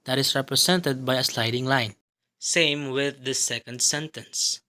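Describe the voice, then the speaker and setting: A man presenting a lesson on English intonation patterns, explaining each step slowly and carefully. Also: medium pitch, steady tone, bright, forceful tone. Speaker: student presenter.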